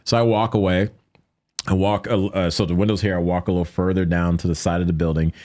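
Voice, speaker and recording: Deep-voiced man telling a story. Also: fast talker, dry recording, studio quality. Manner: animated, acts out quoted lines in a higher voice; jokey, conversational with many fillers. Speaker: podcast guest. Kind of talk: casual storytelling interview.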